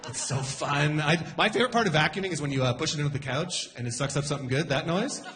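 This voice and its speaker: A man in his forties doing a stand-up comedy set, shouting character voices for punchlines. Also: on the high side, fast, background noise.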